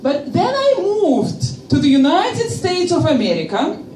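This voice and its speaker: A woman with a Russian accent performing a stand-up comedy set, with a slow, deliberate delivery and playful pauses. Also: very high voice, wildly swooping pitch, dark tone, a little hiss or hum. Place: comedy stage before a live audience. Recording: roomy live venue, from a distance.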